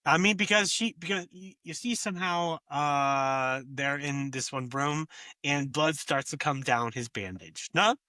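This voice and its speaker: High-voiced male co-host, bright and hesitant, asks "no?" a lot. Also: a little slow, no echo. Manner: hesitant, repeats words, ends points with "no?". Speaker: podcast co-host. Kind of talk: casual chat recapping a film.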